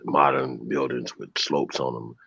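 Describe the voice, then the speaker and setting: A man's voice: rumbling low, level tone, a little slow, vocal fry, fairly bright tone, dry recording, highs cut off. A man hosting a casual livestream chat, laid-back and rambling, with many restarts. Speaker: host.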